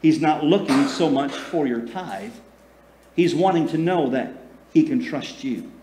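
A man preaches a sermon in a fairly high voice, in a roomy church that echoes. He calls out for answers from the congregation and shifts between booming emphasis and slow, hushed lines. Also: background noise. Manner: preaching with calls for audience response; swings between loud emphasis and soft, slow passages. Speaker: pastor. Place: church sanctuary. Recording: echoey room.

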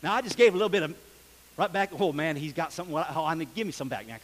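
Male pastor with a high voice, folksy animated sermon delivery, recorded in a reverberant church hall. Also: quick pace. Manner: folksy, animated preaching with shouts and laughs.

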